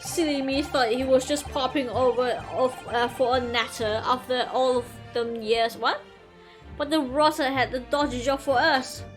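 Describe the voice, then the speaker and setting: A woman reading game lines as a rough, chummy working-class man, stumbling over the slang in a broad put-on voice. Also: high-pitched, fairly even intonation, moderate pace, soft background music, close to an everyday voice.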